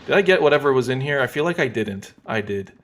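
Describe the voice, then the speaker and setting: A man streaming a game, talking in a relaxed, wry, joking way as he plays. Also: mid-range voice, quick pace, slight background noise. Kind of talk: casual gameplay commentary.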